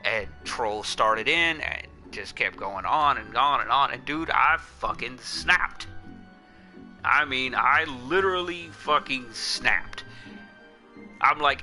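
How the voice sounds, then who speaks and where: Male streamer, blunt and profane, heated storytelling rant, sharp bright tone. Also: mid-range voice, slow, soft background music. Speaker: livestream host. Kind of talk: casual livestream storytelling.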